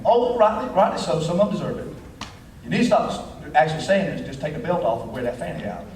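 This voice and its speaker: A man preaching a sermon as the pastor, in a folksy, animated style sprinkled with dialect. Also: on the high side. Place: church sanctuary. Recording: echoey church hall from far off.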